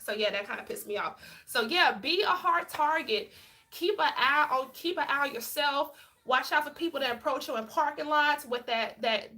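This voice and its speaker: A high, bright woman's voice talking straight to camera. She is frank and outspoken, and she tells her stories with lots of animation in a casual vlog style. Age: adult with a child. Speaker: vlogger and former police officer.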